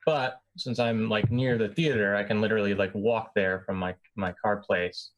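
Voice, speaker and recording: A man's voice: lowish voice, moderate pace, hardly any pauses. A man in casual chat before a tabletop game, telling a meandering story with hesitations. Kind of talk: casual chat among players.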